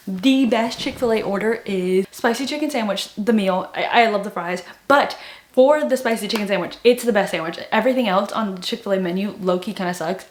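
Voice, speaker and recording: A woman's voice: medium pitch, a little hiss or hum. A young woman chatting casually in a vlog, rambling with lots of filler words. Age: young adult. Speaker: booktuber. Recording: echoey room.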